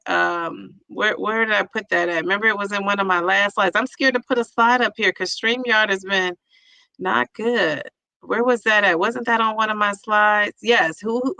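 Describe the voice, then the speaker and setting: A woman's voice: fairly high pitch, pushed and bright, no room sound, low-quality recording. A woman hosting a livestream, reading viewer comments aloud and reacting with frequent laughter and repeated "yes, yes.". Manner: chatty with false starts. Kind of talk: casual chat.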